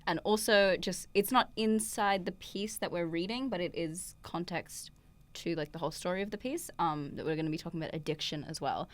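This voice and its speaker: A woman's voice: lowish voice, brisk. A young Australian woman co-hosting student radio, chatting casually with giggles and ramble. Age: young adult. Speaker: radio co-host. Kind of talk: casual chat.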